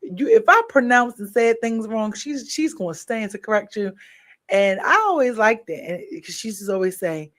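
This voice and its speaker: A woman hosts a casual live stream chat with her viewers. She talks playfully and laughs often. Her voice swings between loud and soft. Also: a little high, animated, moderate pace.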